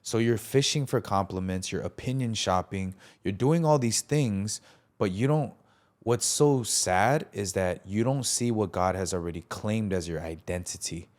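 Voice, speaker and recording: A man's voice: fairly low pitch, normal speed. A man, a preacher, telling his story in a casual interview, earnest and reflective, bringing past conversations to life as he speaks. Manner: animated retelling, acts out quoted dialogue. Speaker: preacher and podcast guest.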